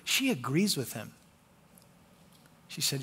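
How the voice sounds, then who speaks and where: A man preaching a sermon as pastor, passionate, moving from loud pleading to hushed tones and acting out quoted voices. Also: on the high side, animated, unhurried, long pauses, breathy edge, long reverb tail. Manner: acts out quoted voices in conversational asides. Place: church sanctuary.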